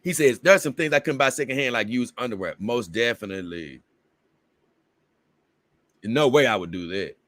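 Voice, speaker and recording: A man's voice: mid-range voice, expressive, normal speed, pauses often, fairly bright tone, no room sound. Man chatting casually on a livestream. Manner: rambling, with bursts of exasperated confusion. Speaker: livestream host. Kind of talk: casual livestream chat, reading viewer comments aloud.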